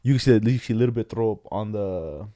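A man's voice: on the low side, a little fast, warm tone, no room sound, studio quality. A young man telling a long story in casual, slangy chat, rambling with many restarts.

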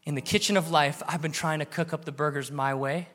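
Male pastor in his thirties, sermon delivery, earnest and emphatic, a bit higher-pitched voice. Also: fairly even intonation, fairly quick, a bit bright, faint music behind. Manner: earnest, building to emphatic exhortation.

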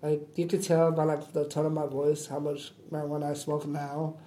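A young man with a deep, raspy voice from smoking, talking casually in an interview, halting and repeating himself with lots of "like". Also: monotone, mellow. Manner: halting, repeats words, says "like" often. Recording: roomy echo.

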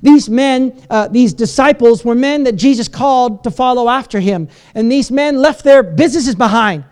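A man preaching in a church, opening with a prayer and retelling a story in an animated, casual way, with many fillers and restarts. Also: very high voice, moderate pace. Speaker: pastor. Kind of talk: sermon.

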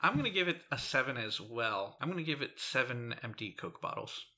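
A man with a very bright, sharp-edged voice at a middling pitch talks through a film's plot in a loose, rambling way. He is co-hosting a casual movie review chat and laughs easily along the way. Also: sing-song, fairly quick. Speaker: podcast co-host.

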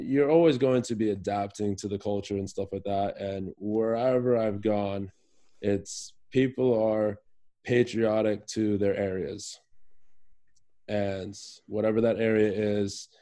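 A man's voice: on the low side, dark tone. A man from Virginia, a soccer player guesting on a podcast, talking in an easygoing, rambling way with lots of fillers. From Virginia, USA. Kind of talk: casual interview chat.

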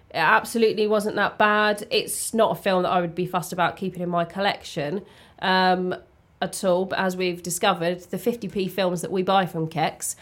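A woman, co-hosting a podcast in a casual, rambling way with frequent ums. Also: medium pitch. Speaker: podcast co-host. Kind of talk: casual chat. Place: warm indoor room.

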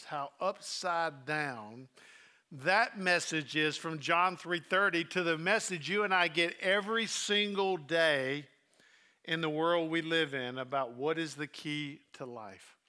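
A male preacher giving a sermon, telling a personal story in an earnest way and dropping soft at tender moments. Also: on the high side, unhurried, smooth. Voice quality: earnest, drops soft when emotional.

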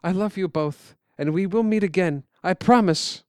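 A man's voice: sits high, clear, resonant tone, dry recording, studio quality, pitched above the performer's own voice, close to an everyday voice. A man doing a tearful, loving mother. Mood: tender. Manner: soft, loving, slow. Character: tender, tearful mother of two boys.

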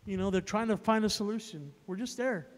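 A male evangelist preaching a sermon as a story, emphatic and repetitive, building up to loud peaks. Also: sits high, brisk, big-room sound.

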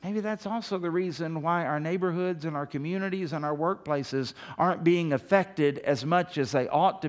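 A pastor in his fifties preaching a sermon with emphasis, often asking the congregation questions. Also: sits high. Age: 50s.

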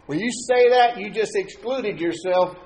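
A man's voice: high voice, lively intonation, a little slow, darkish tone. A man preaching a sermon as pastor, talking to his congregation in a conversational way and asking them questions.

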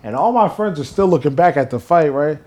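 His voice runs on the high side and fairly quick: a young New Jersey man who is a guest on an interview. Telling casual stories, he plays out the quotes himself with mounting excitement.

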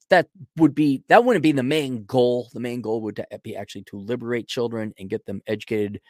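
A man's voice: mid-range voice, no echo. Podcast host, male, middle-aged, American, rambling and sarcastic, dry close sound. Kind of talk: casual ranting monologue.

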